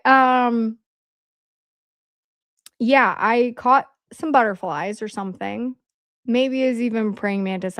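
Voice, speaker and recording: Chatty woman with a high voice. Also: no room sound, studio quality. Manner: rambling, chatty storyteller. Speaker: podcast co-host. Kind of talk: casual livestream chat.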